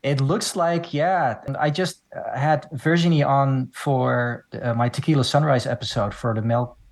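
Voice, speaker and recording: A man hosting a casual film podcast, explaining the plot in long, steady runs. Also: medium pitch, normal speed. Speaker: podcast host.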